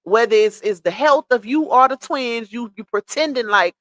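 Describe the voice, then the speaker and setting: Woman with a high voice going off on a livestream, blunt and scolding, dry close sound. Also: moderate pace, fairly bright tone, no echo. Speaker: livestream commentator. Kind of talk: casual gossip commentary.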